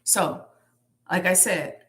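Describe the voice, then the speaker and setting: A woman's voice: on the low side, slow, a bit bright. A woman speaking leads a live online lesson on manifestation. She talks in a preacherly way and repeats her main lines for emphasis. Her voice is heard close to the mic. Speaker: manifestation teacher. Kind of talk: lecture to an online live audience.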